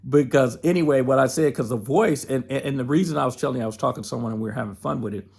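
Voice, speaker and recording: A man talks to his podcast audience in a loose, conversational way and sometimes acts out both sides of his inner voice. His voice is gravelly with a husky edge, at a middle pitch. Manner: conversational, addresses listeners as folks, acts out inner dialogue. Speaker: podcast host. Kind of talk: motivational podcast talk.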